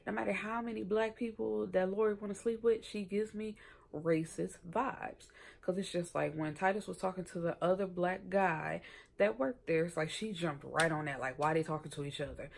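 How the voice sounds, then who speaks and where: Low, gravelly woman recapping a show. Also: moderate pace. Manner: chatty, sassy, acts out quotes in higher voices. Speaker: TV episode reviewer. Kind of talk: casual recap with quoted character lines.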